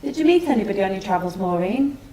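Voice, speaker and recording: A woman's voice: mid-range voice, expressive, fast talker, mellow, roomy sound, a little hiss or hum, close to an everyday voice, low-quality recording. A woman playing a whiny frail old mother. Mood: plaintive. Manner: plaintive, wheedling and querulous. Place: theatre studio.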